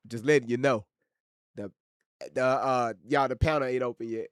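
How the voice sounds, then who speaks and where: A man hosting a livestream, teasing his chat in a loud, profane, joking way. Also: mid-range voice, steady tone, slow pace, long pauses, clean tone, no room sound, studio quality. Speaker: livestream host reading chat. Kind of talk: casual livestream commentary.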